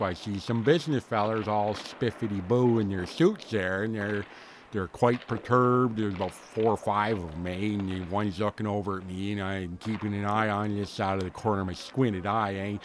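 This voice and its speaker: A man's voice: fairly low pitch, a little hiss or hum, close to an everyday voice. A man playing a folksy, rambling storyteller, filling his comic tall tale with slang and fillers. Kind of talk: comic character monologue.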